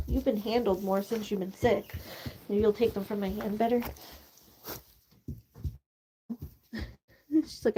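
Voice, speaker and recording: A woman's voice: mid-range voice, steady tone, unhurried, long pauses, dark tone, slight background noise. A woman chatting casually while she feeds farm animals, cooing at them in a sweet, raised voice and laughing often. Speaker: animal keeper.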